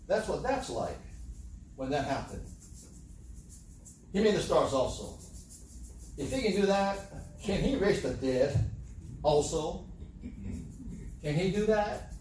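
Preaching in a conversational style, this man often puts rhetorical questions to his listeners. His slightly high, darkish voice sounds far from the mic in a very echoey room, with a little hiss or hum.

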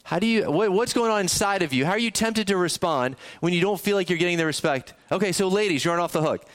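Man, pastor, sermon, conversational, asks the congregation questions, slightly high voice. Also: quick pace. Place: church sanctuary.

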